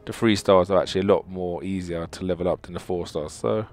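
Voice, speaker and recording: A gaming channel host opens game crystals, excitable and exasperated, pleading with the game and calling his viewers dudes. His voice sits low and he talks quickly into a desktop mic.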